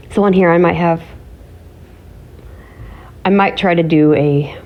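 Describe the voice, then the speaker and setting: A woman's voice: on the low side, lo-fi sound. A woman from Ohio chatting casually to her viewers, giggly and teasing as she talks. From Ohio, USA. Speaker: vlogger. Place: home.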